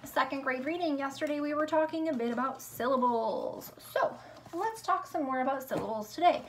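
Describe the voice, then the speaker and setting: A woman teaching a remote lesson to young children, upbeat and sing-song, speaking slowly and clearly. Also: high-pitched, a little hiss or hum. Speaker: elementary school teacher.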